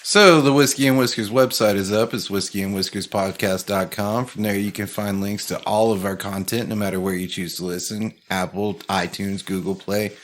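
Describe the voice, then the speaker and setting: A man's voice: fairly low pitch, steady tone, moderate pace, few pauses. A man co-hosting a podcast, reading show plugs in a loose, joking, profane way. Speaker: podcast co-host. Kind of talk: casual chat and show plugs.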